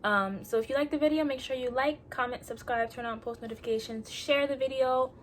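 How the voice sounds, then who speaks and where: A woman's voice: high voice, fairly quick, a little hiss or hum. A woman vlogger giving earnest, encouraging advice in a casual talk to camera.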